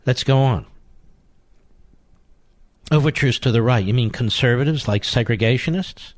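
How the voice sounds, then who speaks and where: A man's voice: mid-range voice, moderate pace, no echo. A male radio talk show host delivering a sarcastic, combative monologue, reading news aloud and interrupting it with muttered asides. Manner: combative, sarcastic, swings between loud emphasis and muttered asides. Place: radio studio. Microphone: studio microphone.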